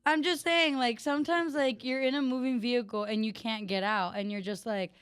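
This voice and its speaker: A woman's voice: fairly high pitch, steady tone, brisk, smooth, no echo, clean studio sound. A woman co-hosting a radio podcast, chatty and full of likes, acting out little quotes as she talks. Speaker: radio show co-host. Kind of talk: casual podcast chat.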